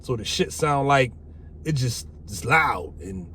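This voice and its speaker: A middle-aged man casually telling a personal story, animated and profane. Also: medium pitch, slow. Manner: animated, profane, acts out quoted voices. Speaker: vlogger telling his life story. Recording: faint background noise.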